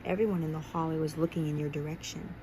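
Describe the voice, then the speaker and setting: A woman's voice: deep voice, steady tone, fast, background noise. A young woman casually reading her own second-person fan story aloud, stumbling and restarting now and then. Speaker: amateur reader.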